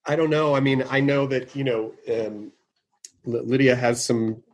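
A man's voice: medium pitch, steady tone, measured pace. A man hosting a podcast in a casual, heartfelt conversation on a remote call, hesitant with stammering restarts. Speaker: podcast host.

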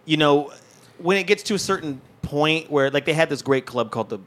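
A man's voice: a little high, fairly quick. Rambling man telling stories in casual chat. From New Mexico. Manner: rambling, animated storytelling. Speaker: guest comedian.

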